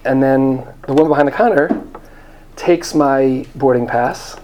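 A man's voice: mid-range voice, measured pace, a little mellow, slight background noise. A man telling a comic story on stage into a handheld microphone, rambling and self-deprecating, often jumping into put-on voices.

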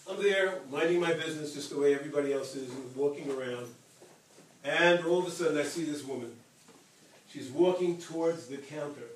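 A man telling a long personal story to an audience in an animated way, repeating phrases for emphasis and acting out the dialogue. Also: a little high, brisk, a little hiss or hum. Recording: echoey hall from far off.

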